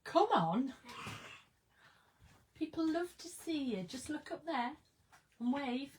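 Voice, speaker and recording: A woman with a high, expressive, slightly mellow voice speaks slowly over slight background noise in a rough recording. Streaming crafts live from her studio, she giggles, chats casually, and says hello to viewers by name.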